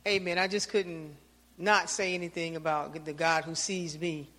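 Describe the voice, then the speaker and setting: Animated woman telling a church testimony story. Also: on the low side, normal speed, big-room sound. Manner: lively storyteller, acts out her own lines. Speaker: church member giving testimony.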